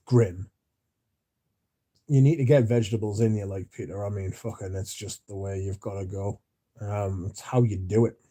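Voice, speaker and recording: Sleepy man, dark husky voice. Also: on the low side, fairly even intonation, normal speed. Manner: drowsy, yawning, mumbles at times. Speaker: livestream host reading chat. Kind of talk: casual rambling chat.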